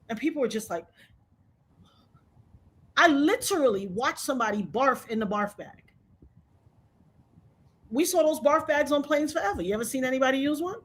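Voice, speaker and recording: A woman's voice: high-pitched, animated, moderate pace, long pauses, a bit bright. A woman in her fifties, telling her story with fervent, preacher-like conviction as an interview guest. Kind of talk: emotional testimony in conversation.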